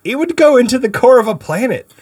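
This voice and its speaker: A man with a husky, lively voice teases his co-hosts on a casual podcast. He talks with wide swings in pitch. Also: quick pace. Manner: playful, teasing. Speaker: podcast co-host. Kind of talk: casual comedic banter.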